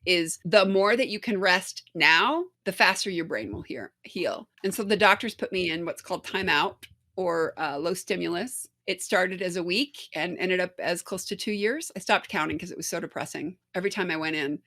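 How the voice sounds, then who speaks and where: Bright-voiced woman telling her story. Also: on the low side, moderate pace. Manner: candid storytelling, acts out voices. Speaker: guest. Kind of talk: podcast interview.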